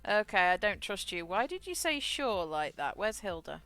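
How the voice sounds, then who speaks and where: Woman, game streamer, bright tone, blunt and sweary, faint game music behind. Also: mid-range voice, sing-song, normal speed. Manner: frank, swears freely, laughs often. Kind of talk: casual chat while gaming.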